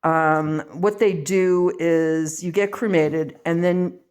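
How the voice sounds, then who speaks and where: A woman's voice: fairly low pitch, fairly even intonation, slow pace, a little mellow, smooth. An older woman from the western United States, filming a rambling, self-mocking home vlog and reading aloud from a label. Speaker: vlogger.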